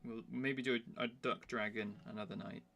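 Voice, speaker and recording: A soft-spoken man chatting casually while he draws on a live stream, thinking aloud and often restarting his sentences. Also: medium pitch, fairly even intonation, brisk, vocal fry. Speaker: artist streaming his drawing. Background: faint background music.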